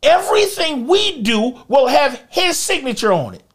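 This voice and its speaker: Brief: church pastor, emphatic sermon delivery, lively retelling. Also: high voice, moderate pace. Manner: emphatic preaching with vivid storytelling.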